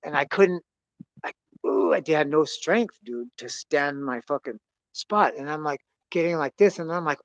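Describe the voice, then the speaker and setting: A young man telling a story in casual, profane chat, swinging between loud bursts and quiet mutters. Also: fairly high pitch, animated, moderate pace, dry recording. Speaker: podcast host.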